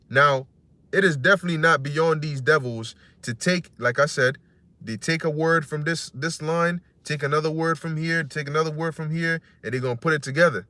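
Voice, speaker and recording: Bright-voiced man preaching loosely. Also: fairly high pitch, moderate pace, no echo. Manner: rambling and conversational, acts out quoted voices, curses freely. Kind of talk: casual scripture commentary.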